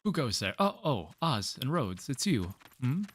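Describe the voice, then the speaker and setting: A man's voice: medium pitch, big pitch swings, measured pace. A man reading a male soldier's lines aloud from a game, sounding surprised and pleased.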